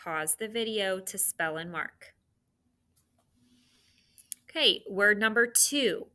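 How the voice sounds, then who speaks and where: A woman teacher dictating spelling sounds and words to students, with slow, clearly enunciated delivery. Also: medium pitch, bright, forceful tone.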